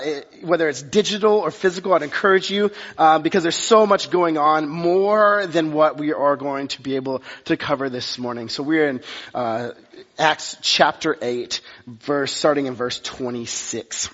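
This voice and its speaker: A man's voice: on the high side, fairly bright tone. A man in his thirties, a pastor, giving a conversational sermon with many fillers and restarts. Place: church sanctuary. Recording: muffled sound with long reverb of a hall.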